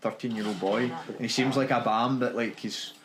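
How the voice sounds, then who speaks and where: Excitable Scottish man playing a game. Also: mid-range voice, reverberant, background noise. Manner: excitable, quick reactions to the game. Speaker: let's play co-host and player. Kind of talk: casual gaming chat.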